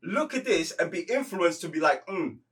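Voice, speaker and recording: A man reviewing a film in casual chat, slangy and halting, often repeating words. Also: sits high, expressive, a bit bright, distant mic. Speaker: movie reviewer.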